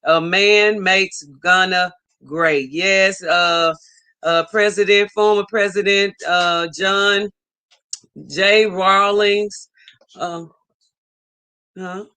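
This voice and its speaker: A woman hosting a casual livestream, warmly greeting viewers by name and reading out their chat messages. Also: mid-range voice, fairly even intonation, extremely slow, pauses often, clear, resonant tone. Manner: warm, effusive greetings, reading out chat names. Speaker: livestream host. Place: home in Ghana.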